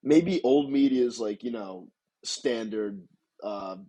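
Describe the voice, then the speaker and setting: A man co-hosting a casual sports podcast, laid-back and quick to agree with his co-host. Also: lowish voice, mellow, highs cut off.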